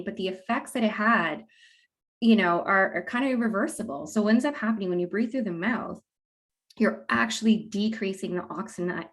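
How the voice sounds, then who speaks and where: A woman talking as a guest expert in a casual interview, explaining in a lively way and acting out what parents say. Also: mid-range voice. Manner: animated, acts out quoted parents with laughs. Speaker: guest expert on mouth breathing.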